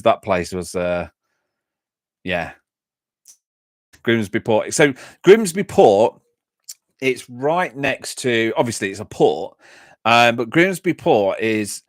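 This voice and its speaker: A man's voice: lowish voice, no room sound. Middle-aged man, English Midlands accent, rambling chatty livestream talk, dry close sound. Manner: chatty, laughs often, rambling anecdotes. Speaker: YouTube channel host. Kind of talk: casual livestream chat reading comments.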